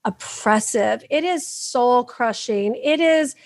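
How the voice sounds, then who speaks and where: Woman from michigan telling her story as a guest, high voice, acts out the voices in her head. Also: takes it slowly. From Michigan, USA. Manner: lively, acts out inner voices and quotes. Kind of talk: animated personal storytelling.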